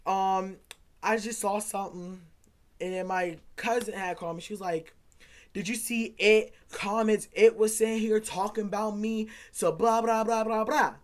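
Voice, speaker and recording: A young man, likely in his teens, telling a casual storytime, rambling and animated as he acts out quoted back-and-forth dialogue. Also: high voice, normal speed. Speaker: vlogger.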